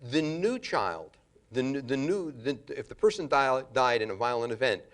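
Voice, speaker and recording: Lively male lecturer telling a story. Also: mid-range voice. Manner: storytelling, animated delivery. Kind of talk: public lecture.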